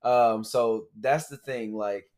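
A man's voice: mid-range voice, fairly even intonation, slow pace, a little mellow. A young man co-hosting a podcast, chatting casually and playfully, teasing and acting out other people's voices in his stories. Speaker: podcast co-host. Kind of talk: casual chat, animated storytelling.

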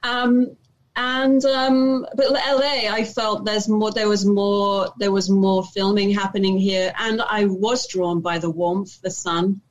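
A woman's voice: mid-range voice, flat delivery, poor audio. A young adult woman, an actor, talking reflectively in a casual interview, often restarting her sentences. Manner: reflective, halting with many restarts and fillers.

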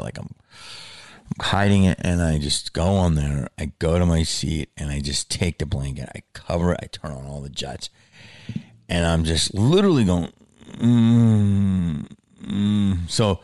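A man telling a story in a casual, animated way, with frequent swearing and filler words. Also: low voice.

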